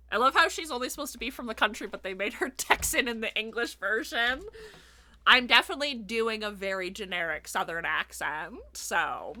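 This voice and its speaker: A woman's voice: on the high side, normal speed, noisy background. A woman VTuber chatting casually while streaming a game, making playful asides and talking to her cat.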